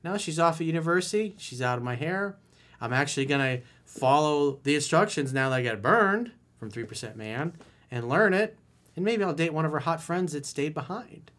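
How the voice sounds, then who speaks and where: A man's voice: on the high side, fairly bright tone. A man as a dating coach giving blunt, profane advice in a podcast monologue, roasting the listener.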